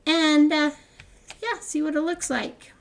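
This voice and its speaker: A woman's voice: sits high, level tone, slow pace, creaky, a little hiss or hum. An older woman hosting a gaming channel, chatting casually through her gameplay with frequent laughs and rambling restarts.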